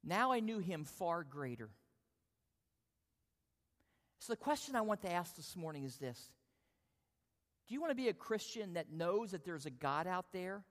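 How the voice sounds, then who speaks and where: Male pastor, high voice, animated story-driven sermon in a reverberant sanctuary. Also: normal speed, pauses often. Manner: storytelling, animated, self-deprecating. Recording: long hall reverb.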